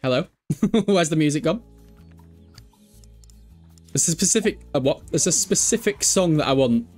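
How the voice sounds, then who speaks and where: A young man chats through a live game stream, swearing freely and laughing a lot. His fairly high voice swings up and down with animated energy. Faint music sits behind him. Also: normal speed. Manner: chatty, sweary, laughs often, reads chat aloud. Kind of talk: casual live game commentary.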